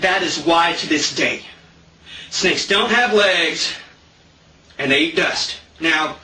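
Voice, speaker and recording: A man delivering a deadpan satirical monologue in character as a preacher, rambling, repeating himself and leaning on "you know" fillers. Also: on the high side, roomy sound, far from the mic, poor audio.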